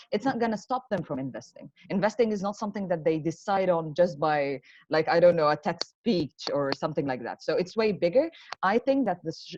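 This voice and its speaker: A woman's voice: lowish voice, darkish tone. A woman answering in a competitive debate over a video call, speaking earnestly with casual fillers. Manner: earnest, uses fillers like "like" and "I don't know". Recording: dull lo-fi call audio with faint noise.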